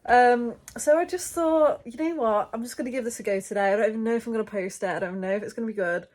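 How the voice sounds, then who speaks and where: A woman's voice: fairly high pitch, quick pace, a little mellow. A young woman vlogging from bed, chatting casually and a bit rambling, her voice still stuffy from a head cold. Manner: chatty and rambling, many fillers. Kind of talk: casual chat to camera. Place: in bed, indoors.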